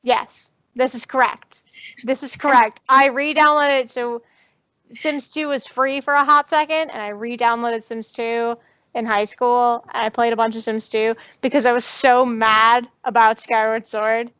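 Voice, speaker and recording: A woman's voice: on the high side, fairly even intonation, unhurried, a bit bright, clear, resonant tone, no room sound. A woman co-hosting a podcast, chatting eagerly and repeating herself as she goes. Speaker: podcast co-host. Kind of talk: casual chat. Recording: dry, dull lo-fi sound.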